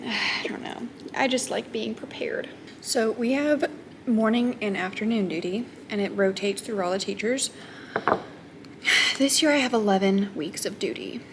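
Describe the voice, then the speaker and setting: A woman who teaches high school math, chatting casually to camera in a self-deprecating way and laughing often. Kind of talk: casual vlog chat. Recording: noticeable background noise.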